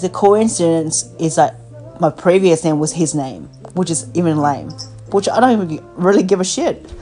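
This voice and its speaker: A woman's voice: lowish voice, expressive, moderate pace, warm tone, faint music behind, rough recording. A woman hosting a podcast over the phone in a blunt, profane casual rant, packed with "you know" and "like," her voice worn out from talking. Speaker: podcast host.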